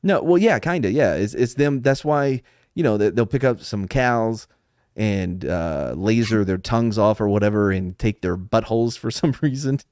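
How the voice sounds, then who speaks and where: A man's voice: on the low side, expressive, normal speed, a little mellow, clear, resonant tone, no room sound, studio quality. A man co-hosting a podcast, chatting casually and joking, laughing often as he tells stories. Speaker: podcast co-host. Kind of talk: casual chat.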